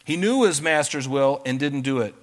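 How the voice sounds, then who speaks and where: A man's voice: medium pitch, animated, normal speed. A man preaching a sermon, reading scripture aloud and then explaining it in a conversational way.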